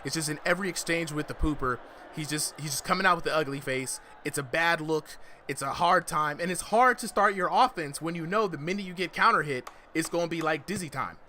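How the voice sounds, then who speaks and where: Hype fight commentator, male, slangy, a bit high-voiced, over a noisy stream mix. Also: brisk, sharp tone. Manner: hype-driven, slangy, repeats "you know what I'm saying". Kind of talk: live esports-style fight commentary. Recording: noisy livestream audio.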